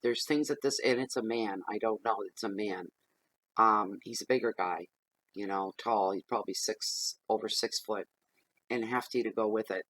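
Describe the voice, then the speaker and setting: A man's voice: lowish voice, moderate pace, a bit bright, no room sound, low-quality recording. Chatty man reading tarot. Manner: chatty, repetitive, plain-spoken advice. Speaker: tarot reader.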